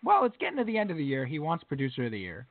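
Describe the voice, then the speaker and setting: Animated high-voiced podcast host. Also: male voice, rapid-fire, phone-quality sound. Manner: animated, laughs often, breaks into mock British singing. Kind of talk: casual sports chat.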